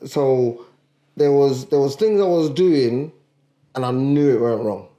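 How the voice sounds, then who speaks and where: A man's voice: mid-range voice, measured pace, warm tone. A man, co-hosting a podcast in casual chat, talking earnestly and often asking if he is understood. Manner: earnest, repeats "do you get what I'm saying". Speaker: podcast co-host. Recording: echoey room.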